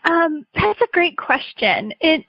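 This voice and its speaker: A woman's voice: very high voice, big pitch swings, takes it slowly, creaky, dry recording, highs cut off. A woman, an association president, answering interview questions in a friendly, casual way with frequent ums.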